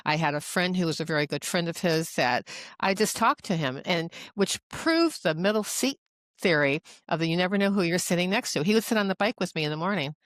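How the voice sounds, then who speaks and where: Middle-aged woman, executive coach, chatty storyteller, lowish voice, dry close sound. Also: animated, fairly quick, no echo. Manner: chatty, rambling, full of "you know" and "like". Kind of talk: casual interview storytelling.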